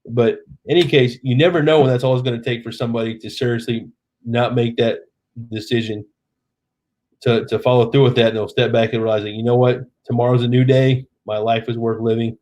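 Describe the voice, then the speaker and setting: A man's voice: medium pitch, warm tone. Tipsy Oklahoma man chatting on a stream. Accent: Southern US (Oklahoma). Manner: chatty, reading viewer comments aloud. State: tipsy from drinking. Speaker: live stream host. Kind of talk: casual late-night live stream chat.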